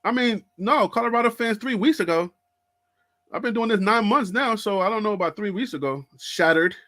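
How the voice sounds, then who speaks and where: Man, high voice, sports channel host, casual chat, animated, laughs a lot. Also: brisk. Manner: animated, laughing, talks to viewers by name. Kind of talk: casual live-stream chat.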